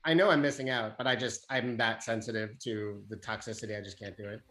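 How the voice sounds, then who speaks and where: A man's voice: lowish voice, fairly even intonation, brisk, fairly bright tone. A man on a tech chat show, talking in a wry, self-deprecating way. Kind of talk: casual chat.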